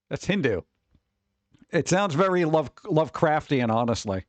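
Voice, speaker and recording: Animated, joking male streamer. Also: on the high side, a little slow, dry recording. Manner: joking, playful, riffing. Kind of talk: casual live-stream chat.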